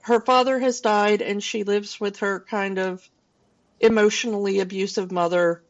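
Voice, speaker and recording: A woman's voice: medium pitch, fairly even intonation, moderate pace, muffled recording. A woman in her forties, co-hosting a casual film podcast and rambling loosely with plenty of fillers and restarts. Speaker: podcast co-host.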